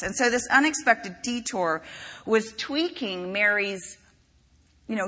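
Bright-voiced woman preaching a sermon. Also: mid-range voice, slightly rough. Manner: conversational, animated storytelling with asides. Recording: reverberant hall.

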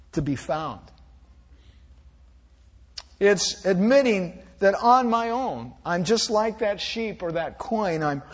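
A male pastor gives a sermon in a high, light voice, speaking slowly and gently. He is reflective, and now and then restarts a phrase before carrying on.

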